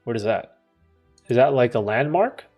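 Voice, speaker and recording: The livestream host, a young man from Canada, speaks in a medium-pitched, expressive, darkish voice at a moderate pace, with faint music behind. He's laid-back and slangy, laughs often, and reads the chat aloud as he talks casually.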